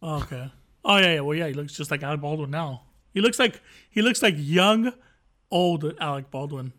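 Guy cohosting a podcast, kinda high voice, swears a lot, rambles and jokes around. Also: normal speed, a bit bright. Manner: profane, rambling, jokey. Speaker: podcast co-host. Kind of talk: casual podcast chat.

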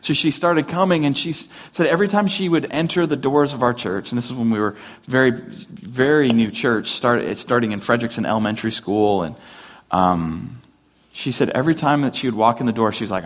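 A man's voice: mid-range voice, fairly quick. A man preaching a sermon as a pastor, in a casual, conversational way, often correcting himself mid-sentence and adding dry humor.

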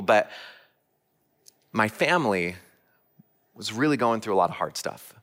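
Man, sermon, low-pitched, earnest storytelling, direct questions to the congregation. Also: lively intonation, measured pace, pauses often, a bit bright. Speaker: church speaker.

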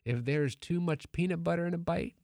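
Animated man telling family stories. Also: fairly high pitch, a little fast, gravelly, no echo, clean studio sound. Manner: animated storyteller, acts out family members in raised voices. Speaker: podcast co-host telling stories. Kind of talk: casual chat.

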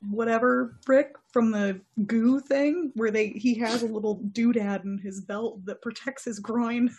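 A woman's voice: a little high, steady tone, unhurried, a little mellow, slight background noise. A woman playing in a tabletop game, chatty and playful as she describes her moves. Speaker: player.

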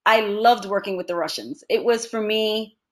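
A woman actress being interviewed, telling stories in an animated way and laughing often. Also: medium pitch, moderate pace. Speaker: actress, guest. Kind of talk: casual interview conversation.

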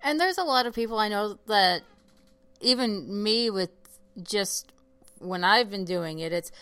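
A woman co-hosting a podcast with a smooth, clear voice, recorded close and dry with no room sound. She talks in an animated, joking way and pokes fun at herself. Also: medium pitch, unhurried, dry recording. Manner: animated, joking, self-mocking. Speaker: podcast co-host. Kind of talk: casual chat.

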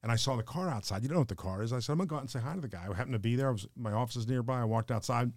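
An older man, a podcast guest telling stories quickly, acting out the dialogue. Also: medium pitch, no echo, studio quality. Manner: fast, animated storyteller who acts out quoted dialogue. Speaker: podcast guest, financial advisor. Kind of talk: emotional storytelling in conversation.

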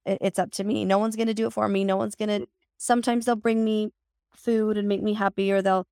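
Scratchy-voiced woman hosting with effusive warmth. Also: mid-range voice, little pitch movement, brisk, clear, resonant tone, no room sound, studio quality. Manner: effusive, grateful, restarts mid-sentence. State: scratchy voice while recovering. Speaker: podcast host. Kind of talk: casual interview chat.

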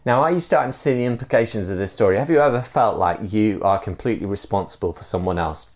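A man's voice: on the low side, fast. A man preaching a sermon in a conversational way, telling a fable with frequent fillers. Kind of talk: sermon with storytelling.

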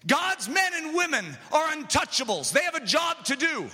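Impassioned high-voiced male preacher. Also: very animated, normal speed. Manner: impassioned, builds to shouting. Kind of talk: sermon. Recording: reverberant hall.

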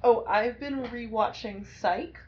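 A woman's voice: a little high, slow pace. A young woman co-hosting a podcast, chatting enthusiastically and swearing casually. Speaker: podcast co-host. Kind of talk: casual chat. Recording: dull lo-fi sound with faint noise.

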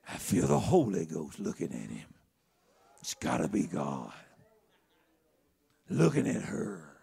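A man putting on a slow, deep, seductive impression of a soul crooner in the middle of a sermon. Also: wildly swooping pitch, creaky, warm tone, husky, heavily acted. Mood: crooning. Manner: slow, low and sultry.

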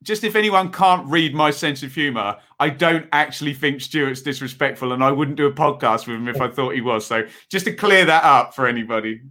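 A man's voice: mid-range voice, brisk, hardly any pauses, bright, forceful tone. A man from England, a guest on a casual podcast, joking and laughing often.

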